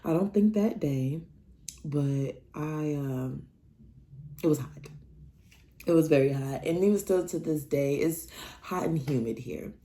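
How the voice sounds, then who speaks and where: A woman from Nebraska telling a casual personal story on her vlog, chatty, laughing as she talks and breaking into lively asides. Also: deep voice, unhurried, long pauses. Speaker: vlogger.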